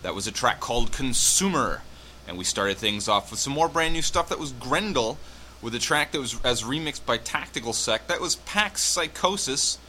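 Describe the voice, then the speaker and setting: A man's voice: medium pitch, lively intonation, normal speed, bright, forceful tone, slight background noise. A man hosting a radio show as DJ, talking casually between tracks with lots of fillers and wry asides.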